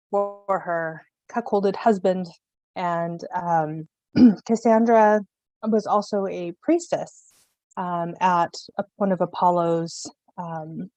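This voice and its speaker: Animated, slangy woman telling a myth. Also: mid-range voice, no echo. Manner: animated, slangy, jokey retelling with voices. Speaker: mythology panelist. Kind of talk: casual storytelling.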